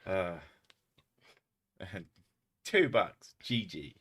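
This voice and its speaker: A man with a southern English accent chats loosely on his livestream, swearing freely and laughing between rambling stories. His voice sits low, with a bright, forceful edge to it. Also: sing-song, drawn-out words, slightly rough. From England. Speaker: streamer. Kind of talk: casual livestream chat.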